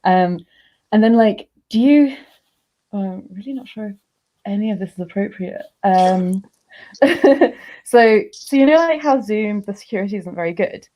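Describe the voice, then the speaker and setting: An animated woman guest chatting casually over a video call, laughing often as she tells her story. Her voice sits at a middle pitch. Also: moderate pace. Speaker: podcast guest. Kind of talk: casual chat, anecdote.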